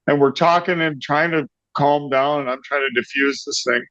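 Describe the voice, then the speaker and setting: A man's voice: mid-range voice, expressive, normal speed, few pauses, a bit bright, no echo. A middle-aged man, a rock singer as an interview guest, animatedly telling an anecdote, often laughing and acting out the people in it. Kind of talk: anecdotal storytelling. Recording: dry, slightly dull lo-fi sound.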